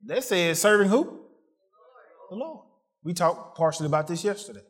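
A man preaching a sermon, asking the congregation questions and swinging from excited peaks to quiet asides. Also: moderate pace. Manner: call-and-response preaching, rising to excited peaks then dropping low.

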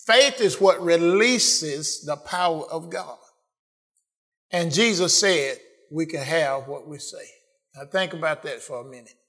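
Male preacher, high-pitched and fervent, heavy on the amens. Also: measured pace. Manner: fervent preaching with repeated amens and rising emphasis; swings between quiet asides and loud declarations. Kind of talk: sermon.

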